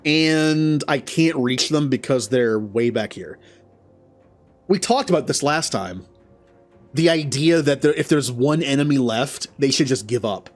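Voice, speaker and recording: Male host for a game playthrough: casual, self-deprecating, talks his choices through out loud. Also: medium pitch, measured pace, soft background music. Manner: thinking aloud, chuckling, self-deprecating. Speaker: gaming channel host. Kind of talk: let's play commentary.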